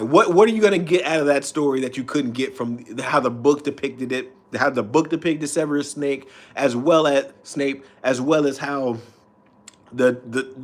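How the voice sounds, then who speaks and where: Guy ranting on his stream, cussing, rambling and restarting lines. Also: mid-range voice. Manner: profane, rambling, restarts often. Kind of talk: casual rant.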